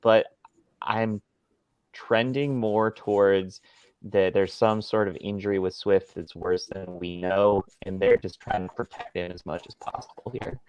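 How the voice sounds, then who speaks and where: A man's voice: deep voice, steady tone, measured pace, darkish tone, smooth, lo-fi sound. A man co-hosting a casual fantasy football podcast over a remote call, giving confident, opinionated takes. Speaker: podcast co-host.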